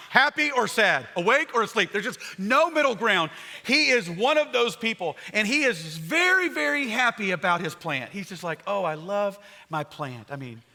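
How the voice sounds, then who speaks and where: A pastor preaching a sermon, telling the story with humor and acting out the characters in playful voices. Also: male voice, high voice. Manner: animated storytelling, acts out characters in funny voices.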